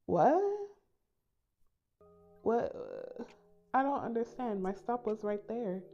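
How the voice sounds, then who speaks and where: This Caribbean woman, a storytime YouTuber, speaks slowly at a medium pitch as she tells her viewers a casual story. She's animated, acting out the voices of the people she quotes. The recording is slightly dull, with soft music in the background.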